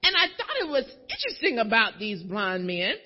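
Impassioned high-voiced woman preaching. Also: huge pitch swings, brisk. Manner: impassioned, rising to shouts then dropping to hushed pleas; repetitive call-and-response cadence. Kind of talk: sermon. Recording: dull lo-fi recording.

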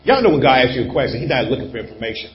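A man's voice: medium pitch, sing-song, rapid-fire. Emphatic male pastor, muffled recording. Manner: emphatic, repeats his points. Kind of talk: sermon.

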